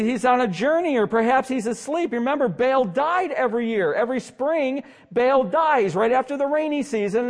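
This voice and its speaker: A man preaching a sermon as pastor, with dramatic swings between loud emphasis and hushed asides and a sarcastic streak. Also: very high voice. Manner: sarcastic humor.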